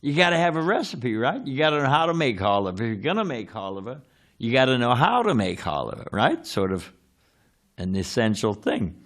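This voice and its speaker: A man's voice: mid-range voice, very animated, a little fast, a bit bright. A man giving a scripture class in a temple, talking conversationally, asking his listeners questions and sometimes searching for words. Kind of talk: sermon. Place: temple hall.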